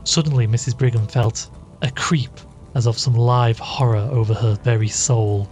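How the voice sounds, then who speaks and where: A man narrating a classic ghost story in a measured storytelling manner. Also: mid-range voice, fairly even intonation, darkish tone, soft background music.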